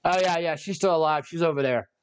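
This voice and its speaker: A man's voice: on the high side, quick pace, clear, resonant tone, no room sound, natural voice. A man voicing a timid magic mirror that talks in a nervous, placating, hesitant way. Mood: blunt.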